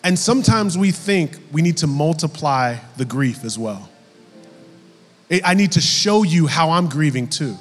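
A man preaching a sermon from the pulpit, lively when acting out quotes and dropping low and soft for the somber stretches. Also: a little slow, in a large hall, faint music behind. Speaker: pastor. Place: church sanctuary.

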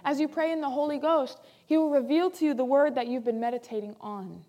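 A woman pastor preaching a sermon with emphasis, repeating key phrases and moving between loud and soft delivery. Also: sits high, a little fast, muffled recording.

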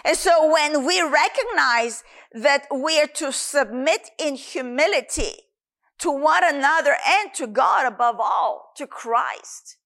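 A woman's voice: high-pitched, fairly bright tone. A woman preacher delivering an earnest sermon with repeated, emphatic phrasing.

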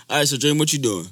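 A man hosting a loose podcast chat, his tone bright and his pitch swinging widely as he jokes. He laughs often and bursts into loud, sudden exclamations. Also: slightly rough. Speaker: podcast host. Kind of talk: casual podcast banter.

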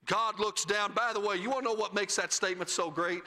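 Brief: middle-aged pastor, tenor voice, very bright and cutting tone, rhythmic preaching cadence, echoing church hall. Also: male voice, brisk, hardly any pauses. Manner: preaching cadence, rising to shouts and dropping low at phrase ends. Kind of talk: sermon. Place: church sanctuary.

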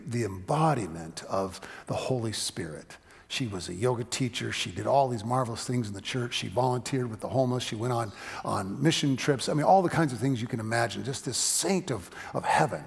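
A male pastor delivers a conversational sermon, his voice gravelly and a little husky. He lifts his voice to stress a point and drops to near a whisper in quieter moments. The sound carries the long reverb of a big hall. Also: lowish voice. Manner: conversational preaching, voice rising for emphasis, dropping to a hush for stories.

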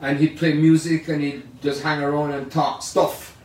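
An older man, a jazz pianist, telling rambling, animated stories in a casual way. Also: fairly high pitch, normal speed, slight background noise. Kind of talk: casual storytelling. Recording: roomy sound from far off.

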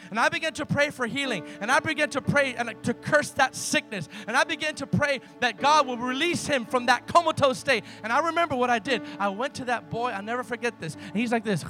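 A man preaching a sermon, telling stories emphatically, swinging from loud to hushed. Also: very high voice, brisk, soft background music.

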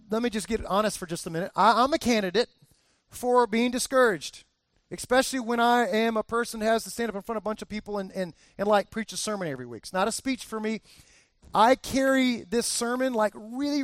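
A man's voice: sits high, a bit bright, dry recording. A man preaching a sermon as a pastor, talking candidly and conversationally with frequent restarts.

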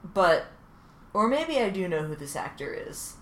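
A woman co-hosting a podcast, casually recapping a TV episode in a rambling, animated way. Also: lowish voice, a little slow, echoey room, a little hiss or hum. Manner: rambling, animated retelling with acted-out quotes. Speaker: podcast co-host recapping a TV show. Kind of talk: casual chat.

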